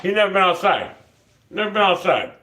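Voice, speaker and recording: Pitched high and very animated, this fifties-aged man talks a little fast in a pushed, bright voice, with a little hiss or hum in the recording. He hosts a casual livestream, profane, rambling and irritated.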